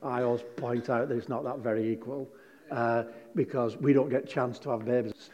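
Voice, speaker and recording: A man's voice: mid-range voice, fairly even intonation, fairly quick, darkish tone, muffled recording. Man preaching in a reverberant church. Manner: conversational, asks the congregation questions. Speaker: pastor. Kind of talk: sermon. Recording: long hall reverb.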